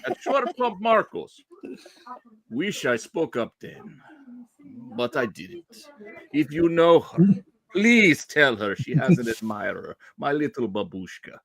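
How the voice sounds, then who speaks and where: Guy doing a cheesy fake-russian lover voice, slow and hammy, dry sound. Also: fairly high pitch, big pitch swings, vocal fry, fairly bright tone, no echo, heavily acted. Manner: hammy, drawn-out. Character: man reading a flirty note in a mock Russian accent.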